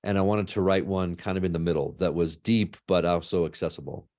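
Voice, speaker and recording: Low-voiced man, animated storyteller. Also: fairly quick. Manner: animated storyteller, frequent "right?" tags. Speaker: law and ethics professor. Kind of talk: interview answers.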